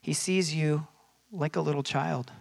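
A man with a slightly higher voice preaches a sermon in a loose, conversational way. He fills his talk with fillers and restarts, and acts out quoted voices with animation. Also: steady tone, measured pace, vocal fry.

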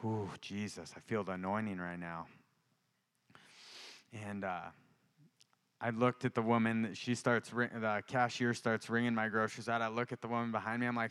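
A man's voice: fairly low pitch, little pitch movement, moderate pace, a bit bright, clean tone. A man preaching a sermon, telling a personal testimony in a chatty way and building to fervent exhortation.

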